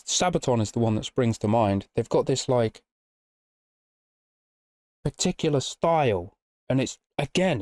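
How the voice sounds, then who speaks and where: Host of a reaction channel, man, warm mellow voice, loose rambling talker who swears, dry close sound. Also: medium pitch, no room sound. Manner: chatty, swears freely, keeps asking "you know what I mean". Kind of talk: casual rambling video outro.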